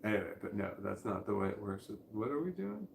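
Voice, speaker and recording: A tired, high man rambling casually in a vlog, talking drowsily with a slight slur while lying down at home. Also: sing-song, fairly quick, gravelly, echoey room, a little hiss or hum. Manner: drowsy, rambling, laughs to himself. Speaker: vlogger.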